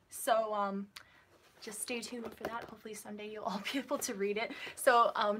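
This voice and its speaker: A woman hosting a casual live stream about her writing. She talks in a chatty, unscripted way, stopping to read viewer comments aloud. Her voice sits at an ordinary middle pitch. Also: a bit bright, a little hiss or hum. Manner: chatty, many ums and restarts, reads out viewer comments.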